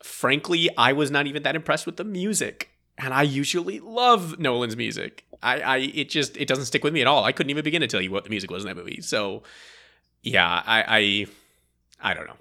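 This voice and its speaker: A man co-hosting a podcast, chatting casually about a film in a rambling, animated way and laughing often. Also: medium pitch, fairly quick. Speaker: podcast co-host. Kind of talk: casual movie review chat.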